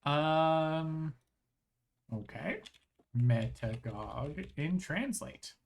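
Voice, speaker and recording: Chatting casually on a live stream, this speaker rambles and restarts phrases in an expressive, mid-range voice with drawn-out words. The voice sounds strained, and there's frequent throat clearing.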